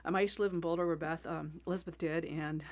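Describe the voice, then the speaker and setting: A woman's voice: sits low, steady tone, fast talker, a little mellow, a little hiss or hum. A middle-aged woman hosting a casual livestream between songs, chatty and rambling, greeting viewers by name and laughing often. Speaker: singer-songwriter host.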